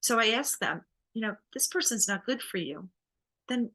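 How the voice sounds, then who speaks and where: A woman divorce coach and private investigator in a conversational interview, animated and quick to laugh. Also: on the high side. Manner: animated, laughs often, acts out client quotes.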